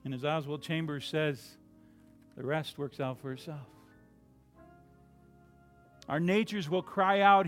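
A man preaching a sermon, swinging from loud, dramatic lines to hushed ones and acting out the quotes he reads. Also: a little high, slow, long pauses, faint music behind.

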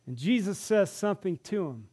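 A man with a notably high-pitched voice delivers a storytelling sermon in a church. He is animated, dropping into the voices of the people in the stories he tells. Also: moderate pace. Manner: animated, acts out the characters' lines in the stories. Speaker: preacher.

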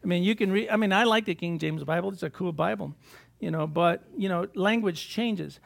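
A man's voice: high-pitched, a little fast, gravelly. Man preaching conversationally. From United States. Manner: conversational preaching with asides and repeated words. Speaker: pastor. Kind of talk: sermon.

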